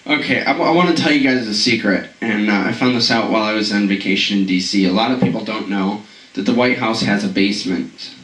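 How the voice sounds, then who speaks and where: A man's voice: lowish voice, a little fast, a bit bright, echoey room, distant mic, poor audio. A man doing a rambling comedic monologue, stammering and chuckling at his own jokes.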